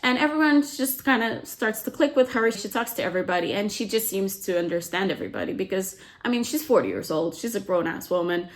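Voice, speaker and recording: Very animated and mid-range in pitch, this woman races through a novel's plot at a quick pace with hardly any pauses. As a book summary host she's casual and chatty, full of "like" fillers, and briefly voices what the characters say.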